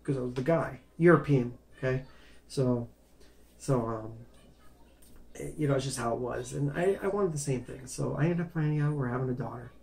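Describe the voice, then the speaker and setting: In a gravelly, darkish voice of medium pitch and moderate pace, this vlogger shares his personal story to camera. He rambles, repeats words, restarts phrases, and apologizes whenever he gets sidetracked.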